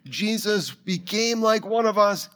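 A middle-aged man preaching a sermon, telling a personal story and putting quick questions to his listeners. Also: high-pitched, expressive, pushed and bright. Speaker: pastor.

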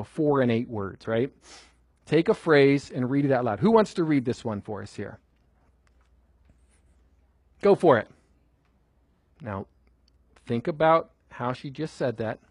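Husky man teaching a class. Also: medium pitch, no room sound. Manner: conversational, asks the audience questions, repeats for emphasis. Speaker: Bible teacher. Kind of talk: teaching a class on Scripture memorization.

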